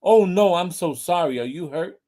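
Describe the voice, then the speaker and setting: A man's voice: a little high, expressive, unhurried, a little mellow, slightly rough, voice pushed up. A man reading the lines of a worried, apologetic male elephant in a joke.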